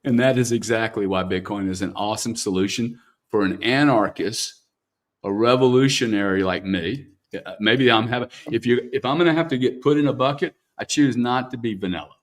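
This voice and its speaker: A man interviews a guest in a candid, unpolished way. He is blunt and swears freely, and he keeps tagging "man" onto his sentences. His voice sits at a middle pitch. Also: fairly quick.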